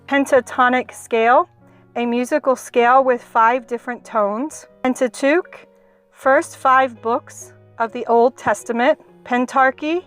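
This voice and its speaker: A woman teaching a homeschool lesson, reading a storybook aloud slowly and clearly and explaining poetry terms. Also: fairly high pitch. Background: faint music.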